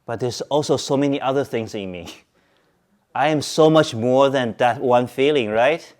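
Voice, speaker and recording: A man teaching Buddhism at a Zen centre, speaking calmly, repeating points and asking his listeners questions. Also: mid-range voice, measured pace. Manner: calm, repetitive, asks listeners questions. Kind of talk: Dharma talk to a group.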